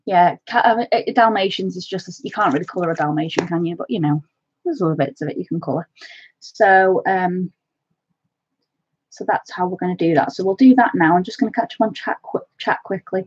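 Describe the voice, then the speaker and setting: A woman's voice: on the low side, a little fast, breathy edge, no room sound, muffled recording. A woman from North Wales with a Welsh accent hosts a craft live stream, chatting casually and calling her viewers "my love".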